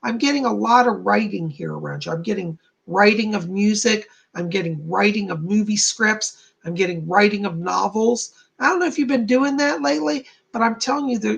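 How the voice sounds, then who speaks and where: A man's voice: high voice, creaky, fairly bright tone, breathy edge. A man hosting a live stream as a psychic medium, chatting to viewers, reading their comments aloud and passing on spirit messages.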